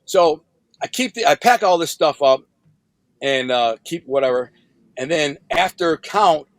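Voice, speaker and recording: A man's voice: fairly high pitch, no echo. A middle-aged man from Michigan, a podcast guest, telling a story in casual, slangy speech and acting out what people said. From Michigan, United States. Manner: slangy, retells scenes by acting out quoted dialogue.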